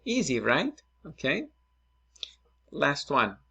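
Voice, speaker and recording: A male Spanish teacher records a lesson at his computer, taking his time over every point. His voice is bright with a gravelly rasp, and he keeps checking in with his students as he goes. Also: on the high side, huge pitch swings, slow pace. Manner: patient, explains step by step, checks in with "right?" and "okay?".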